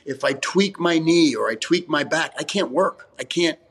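New man, high-pitched, rambling and blunt. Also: animated, moderate pace, fairly bright tone, slightly rough. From New York, USA. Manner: rambling, swears freely, frequent restarts. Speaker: actor guest. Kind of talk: casual interview chat.

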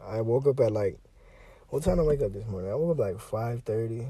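A man's voice: medium pitch, expressive, a little fast, dark tone, husky, no room sound. A tired young man hosting his own podcast from inside a parked car, rambling in a laid-back, slangy way with plenty of fillers. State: tired and sleepy. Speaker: podcast host. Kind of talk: casual solo podcast chat.

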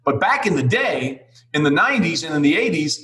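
A man's voice: on the high side, sing-song, a little fast, a bit bright. Chatty male host, echoey room. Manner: friendly, leading questions, recaps facts. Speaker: podcast host. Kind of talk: casual interview chat.

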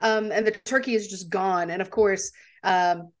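A woman co-hosting a casual movie discussion podcast, animated and laughing often. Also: mid-range voice, a little slow. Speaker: podcast co-host.

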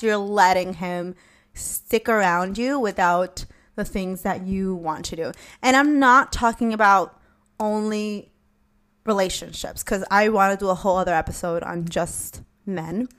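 A young woman hosting an advice podcast, talking frankly and casually, swearing at times and acting out what she would say. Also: medium pitch. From Latina. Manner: frank, animated, swears casually, acts out her own comebacks. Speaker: podcast host.

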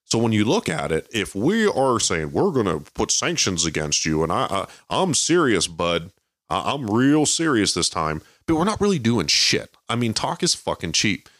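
Podcast co-host, male, very deep voice, angry profane ranter, dry close sound. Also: very animated, normal speed, a bit bright, dry recording. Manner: heated, swears constantly, mocking impressions. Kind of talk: profane political rant.

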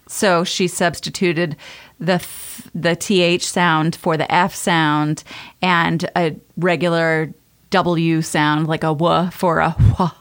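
Podcast co-host: woman from the US, fairly low voice, loose and chatty, laughs a lot. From United States. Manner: chatty, laughs often, fillers, tries comic accents. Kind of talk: casual podcast chat, telling a story.

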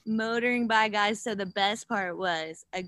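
A woman chatting casually as a podcast guest, an animated storyteller who acts out quotes, with many fillers. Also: mid-range voice, measured pace, no room sound. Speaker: guest, gravel bike racer.

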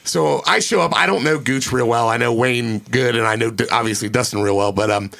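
A man's voice: mid-range voice, fairly quick, creaky, a bit bright. A man in his thirties, a podcast host, telling a rambling, profane story in casual chat in a home attic podcast room.

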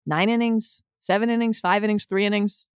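A woman's voice: medium pitch, fairly even intonation, brisk, clear, resonant tone, dry recording, clean studio sound. A woman on a sports podcast panel, speaking in an impassioned, emphatic way with playful jabs in casual debate.

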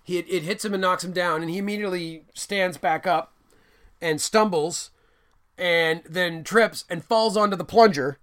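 Guy with a high bright voice retelling a movie plot, gets animated doing the lines. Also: moderate pace. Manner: animated storyteller, acts out movie lines, swears casually. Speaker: podcast co-host. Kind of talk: casual film recap chat.

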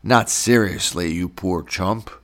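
A man's voice: low-pitched, slow. A man voicing a round, jolly young man who jeers and wisecracks as the class jester, in an audiobook reading. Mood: teasing. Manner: jeering, wisecracking. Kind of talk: audiobook character voice.

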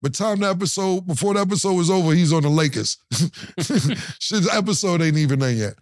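A man's voice: high-pitched, brisk, smooth, dry recording, clean studio sound. A man co-hosting a podcast in casual chat, telling stories with animation, often laughing and acting out what others said. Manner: animated storytelling, acts out quotes and laughs often. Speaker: podcast co-host.

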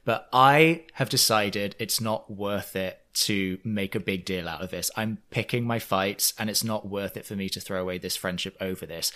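A man's voice: fairly low pitch, a bit bright. A man co-hosting a podcast in casual chat, analysing at length in long winding sentences. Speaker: podcast co-host.

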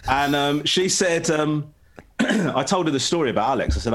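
A man's voice: fairly high pitch, lively intonation, normal speed, a bit bright. A middle-aged man in casual chat, rambling through family stories and acting out quoted voices. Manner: rambling storyteller, acts out quoted voices, laughs often. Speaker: podcast co-host.

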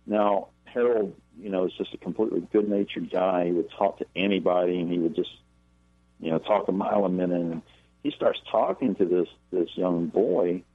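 A man, a paranormal researcher and author, tells an encounter story as an interview guest, halting with fillers and repeated words. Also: deep voice, breathy edge, no room sound. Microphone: phone. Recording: tinny phone line.

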